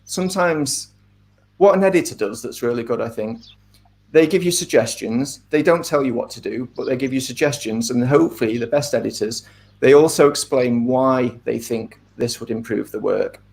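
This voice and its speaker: A middle-aged man talks through his craft in a casual interview. His delivery is thoughtful and measured, sprinkled with ums and side remarks. His voice sits at an everyday middle pitch. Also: gravelly, a little mellow. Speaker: author being interviewed.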